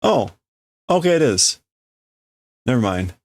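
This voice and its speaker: Brief: unhurried male streamer, gravelly fry, dry close sound, mulls over words. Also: medium pitch, very animated, darkish tone, no echo. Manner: thinks aloud, deliberating over word meanings. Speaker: streamer reading manga aloud. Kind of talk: casual reading and translating aloud.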